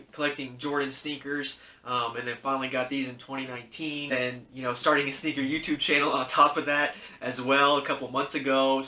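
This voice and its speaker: A man in his thirties tells a personal story to his vlog audience in a loose, rambling way, full of fillers and restarts. He sounds earnest and encouraging, with a bright, forward voice at a middling pitch. The recording has a noticeable echo from the room. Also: far from the mic. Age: 30s. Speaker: sneaker YouTuber.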